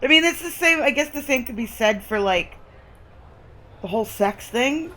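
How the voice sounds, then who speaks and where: A woman's voice: sits high, animated, moderate pace, bright, forceful tone. Chatty, giggly woman playing a game. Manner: chatty, giggly asides, swears casually. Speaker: let's play gamer. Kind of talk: casual game commentary and reading narration. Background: faint music.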